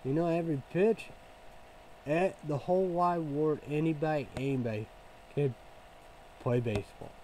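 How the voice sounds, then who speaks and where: A man's voice: fairly high pitch, normal speed, long pauses, warm tone, a little hiss or hum, poor audio. A man ranting casually as a vlogger, rambling and profane, leaning on "you know" as filler.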